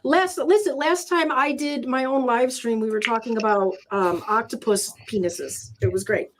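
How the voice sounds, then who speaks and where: A woman's voice: a little high, moderate pace, slight background noise. A woman hosting a casual livestream chat, telling stories in a chatty, stumbling way. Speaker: host.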